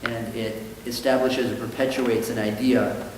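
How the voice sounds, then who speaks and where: A rabbi of medium pitch speaks at a moderate pace with little pitch movement and a slightly mellow tone, far from the mic. He teaches a conversational Talmud class thoughtfully, acting out quoted dialogue in his stories with a livelier voice. The synagogue study hall is very echoey, with faint noise.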